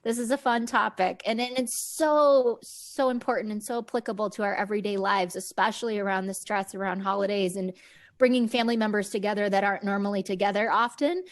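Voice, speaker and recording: A woman's voice: mid-range voice, steady tone, fairly quick. A woman psychologist, a guest on a podcast, talking in an earnest, enthusiastic way and often repeating words as she starts a thought. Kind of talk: conversational interview.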